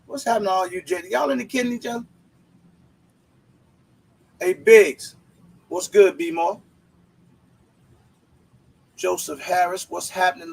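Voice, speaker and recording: Gravelly husky guy hosting a live stream, chill slang, calling out names. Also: high-pitched, poor audio. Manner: greets viewers by name, laid-back slang. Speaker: livestream host. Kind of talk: casual livestream chat.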